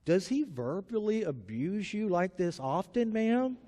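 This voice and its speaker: Polite traffic cop, as a pastor puts him on; formal and courteous, high-pitched, long reverb. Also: male voice, big pitch swings, a little slow, mellow. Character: polite male police officer.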